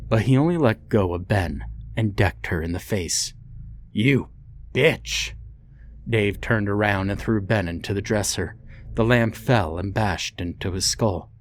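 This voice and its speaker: A man reading a horror story aloud in a slow, deliberate, grim way. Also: low voice. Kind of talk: scripted horror narration.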